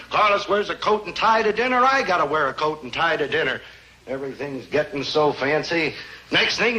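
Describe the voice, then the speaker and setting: A man's voice: on the high side, bright, forceful tone, slight background noise, rough recording. An actor playing a sardonic middle-aged father who grumbles about household spending.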